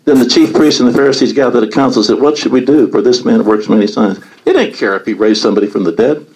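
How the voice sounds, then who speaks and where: A man's voice: mid-range voice, quick pace, darkish tone, rough recording. A man leading a Bible study, reading scripture aloud and commenting on it earnestly.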